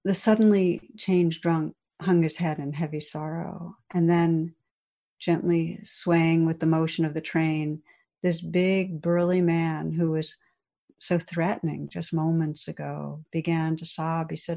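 Woman teaching meditation, low voice, mellow tone, gentle reflective storytelling, soft pauses. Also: little pitch movement, vocal fry. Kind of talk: dharma talk with storytelling.

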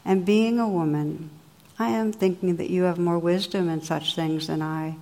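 An ardent young knight, fervent and formal in his old-fashioned speech, as a woman reads him aloud. He is devoted and earnest, carried by a slightly low voice in a storybook reading. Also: fairly even intonation, normal speed, darkish tone, in a large hall, lightly acted.

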